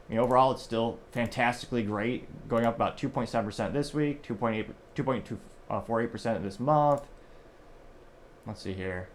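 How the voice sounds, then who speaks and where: Male show host, mid pitch, loose rambling commentary, faint hiss behind. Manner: rambling, self-correcting, reads quotes aloud. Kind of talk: casual news commentary.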